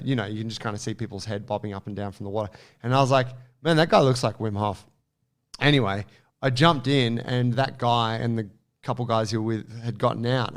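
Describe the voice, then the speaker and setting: A man co-hosting a podcast, telling a story in an animated, casual way with lots of fillers and some swearing. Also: mid-range voice, clear, resonant tone. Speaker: podcast co-host.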